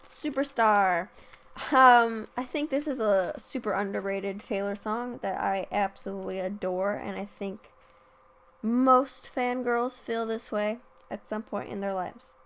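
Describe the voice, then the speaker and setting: A woman's voice: mid-range voice, a little slow, a bit bright. A young woman hosting a casual solo podcast, chatting about songs with many ums and restarts and singing short quoted lines. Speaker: podcast host, music reviewer.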